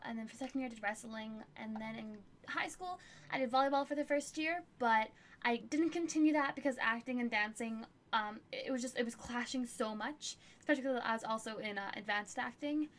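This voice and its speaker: A woman's voice: on the high side, fairly quick, a bit bright. A young woman streamer chatting casually while answering viewer questions, full of fillers and laughter. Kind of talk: casual chat.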